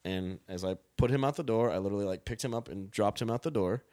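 Deep-voiced man telling stories. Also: quick pace, a little mellow, no echo, clean studio sound. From Texas. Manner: laid-back, laughs through stories. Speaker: bartender, podcast guest. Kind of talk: casual storytelling chat.

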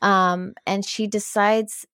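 A woman discusses a book with her co-host in an animated, chatty way. Her voice is at a middle pitch for a woman. The recording is dry and close. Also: slow, smooth, no room sound. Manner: animated, chatty, reacts with disgust and laughter.

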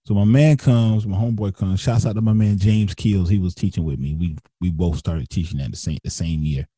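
A man's voice: a little fast, warm tone, breathy edge, no echo. A man, a teacher, recounting a personal story as an interview guest. He acts out other people's lines and restarts often as he talks. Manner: acts out others' lines with big pitch jumps, frequent restarts and slang. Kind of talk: animated storytelling.

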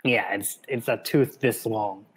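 A man co-hosting a casual podcast, reading a novel aloud and explaining it as he goes, relaxed and often laughing. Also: lowish voice, a little slow, breathy edge, low-quality recording.

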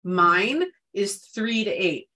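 A woman's voice: medium pitch, takes it slowly, pushed and bright. Emphatic woman chatting about wellness. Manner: emphatic, repeats words for stress. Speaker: podcast co-host. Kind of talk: casual wellness chat.

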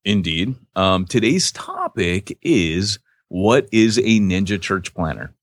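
A man's voice: low-pitched, lively intonation, slow, no echo. Joking guy co-hosting a podcast, voice bounces around a lot, dry close sound. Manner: joking, playful, lots of laughing. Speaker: podcast co-host. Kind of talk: casual chat.

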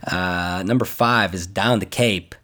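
A man's voice: low-pitched, a little slow, sharp tone. A man co-hosting a casual podcast, reading a list aloud and joking and laughing as he goes. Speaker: podcast co-host. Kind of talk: casual chat.

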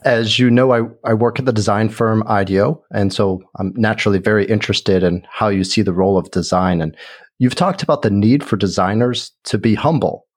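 A man interviewing a guest, asking measured, slightly halting questions. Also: lowish voice.

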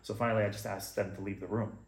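Fast-talking man telling a story. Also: lowish voice, echoey room. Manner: animated, acts out quoted dialogue. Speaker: guest. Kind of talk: casual storytelling.

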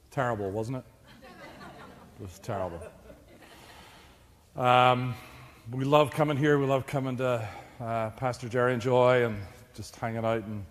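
A man delivers a sermon to a church congregation in a relaxed, joking way, talking to the room as if chatting with friends. His voice sits in an ordinary middle pitch. It rings out with the long reverb of a church hall. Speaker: preacher.

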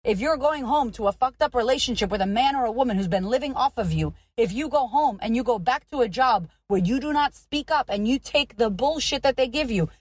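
A woman's voice: a little high, dry recording. A woman hosting a podcast, delivering a blunt, profane, fired-up motivational monologue in an emphatic, punchy way. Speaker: podcast host and coach.

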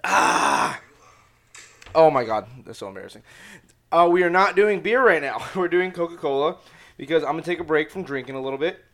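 A young man hosting a casual sports podcast, excitable and loud, swearing freely as he rambles. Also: fairly high pitch. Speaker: podcast host.

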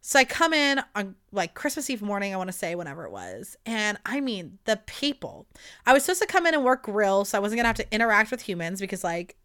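A woman in her twenties telling a rambling, animated story in a casual monologue, swearing freely. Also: mid-range voice, quick pace, smooth. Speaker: podcast host.

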